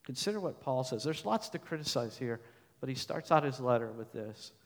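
A man's voice: mid-range voice, lively intonation, brisk. A male pastor preaching a sermon, reading verses aloud and pressing his points with emphatic repetition. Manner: emphatic, rising to loud stresses then dropping soft; repeats phrases, reads scripture verses aloud. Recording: long hall reverb.

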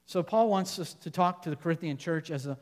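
High-voiced male pastor preaching in a reverberant hall. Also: fairly quick. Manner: preaching with rising emphasis, dropping to quiet asides. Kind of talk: sermon.

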